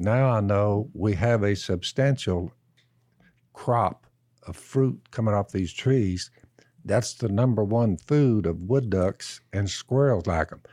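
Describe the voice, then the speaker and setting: A man telling a slow, folksy outdoor story and turning it into Bible teaching, repeating "I said" as he goes. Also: on the low side, dark tone, dry recording, clean studio sound. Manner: slow, drawn-out storyteller who keeps repeating "I said". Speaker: podcast co-host.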